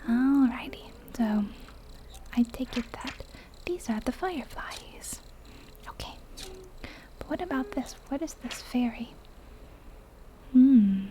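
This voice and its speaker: A woman doing a whispered role-play as an ASMR gamer, chatting softly and giggling as she plays. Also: high-pitched, lively intonation, slow, long pauses, noisy background. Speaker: ASMR game streamer.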